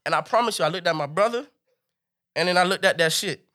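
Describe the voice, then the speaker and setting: A man telling a comic story in an animated way, jumping high in pitch for punchlines. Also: fast talker.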